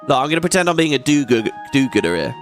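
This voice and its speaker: Lively, excitable male let's play host; chatty gameplay commentary, faint game music behind. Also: medium pitch, fast talker. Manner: chatty, excitable, swears often.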